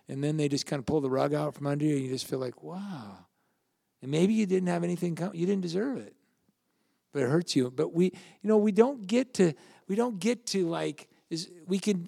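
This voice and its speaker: Older man, pastor, chatty sermon, very gravelly voice, dry close sound. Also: on the high side, darkish tone, no room sound. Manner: conversational, anecdotal, asks the audience questions.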